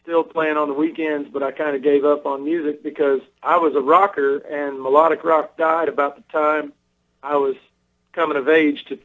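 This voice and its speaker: Easygoing musician on the phone. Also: male voice, fairly high pitch, little pitch movement. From Western Kentucky. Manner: easygoing, teasing, halting. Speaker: musician guest. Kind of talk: phone interview. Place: at home. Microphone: telephone. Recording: tinny phone line.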